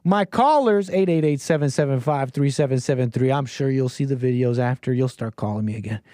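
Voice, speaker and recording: A man's voice: mid-range voice, a little fast, warm tone, no room sound, studio quality. Rambling male livestream host. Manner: meandering, full of fillers and restarts, laughs often. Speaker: livestream call-in show host. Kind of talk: casual rambling monologue to chat.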